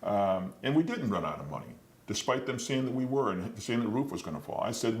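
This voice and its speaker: A man running for mayor, answering interview questions in a firm, deliberate way and slowing down to stress his points. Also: medium pitch, expressive, echoey room. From Detroit, USA. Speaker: mayoral candidate.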